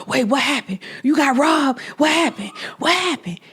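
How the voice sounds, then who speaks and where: A woman voicing her blunt, no-nonsense middle-aged stepdad in a loud, exasperated, dismissive tone. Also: sits high, expressive, normal speed, voice pushed up. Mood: alarmed.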